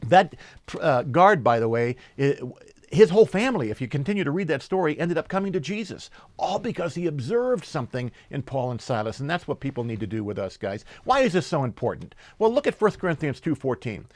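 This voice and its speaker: A man preaching a sermon and reading scripture, telling stories with lively energy and slowing down for emphasis. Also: fairly high pitch, dry recording. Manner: animated storyteller, slows for emphasis, laughs while telling. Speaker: pastor.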